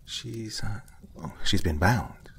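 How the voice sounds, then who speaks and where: A man voicing a nervous young police officer who hesitates and stumbles over his words, with a husky tone. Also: lowish voice, slow pace, fairly bright tone, voice pushed up, heavily acted. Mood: hesitant. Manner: hesitant, flustered, trailing fillers.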